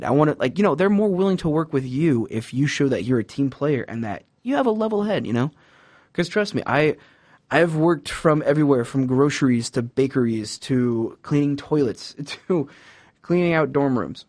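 A man's voice: medium pitch, expressive, fairly quick, darkish tone, no echo, studio quality. A young man giving casual advice about customer service jobs, rambling with many fillers and acting out quoted customers and bosses. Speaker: podcast host giving job advice. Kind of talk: casual monologue.

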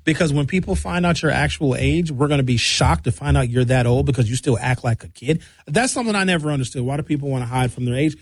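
A man's voice: medium pitch, fast, hardly any pauses, slightly rough, no room sound. A man, talking in a casual monologue and acting out voices as he tells stories. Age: 50s. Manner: animated storytelling with shouted impressions.

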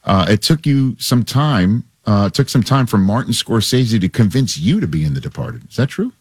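A man's voice: fairly low pitch, very animated, normal speed, darkish tone, breathy edge, no room sound. A man hosting a casual interview, asking his guest questions in a conversational way. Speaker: host.

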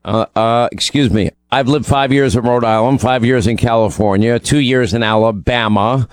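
In a radio studio, this mid-range male voice moves at normal speed in a dry recording. He's a New Yorker co-hosting talk radio, loosely wandering through ads and news while restarting often and saying um a lot.

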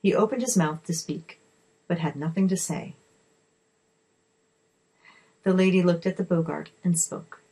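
Woman reading a kids story, kinda low and husky, steady expressive read. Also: measured pace, long pauses, rough recording. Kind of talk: reading a children's story aloud.

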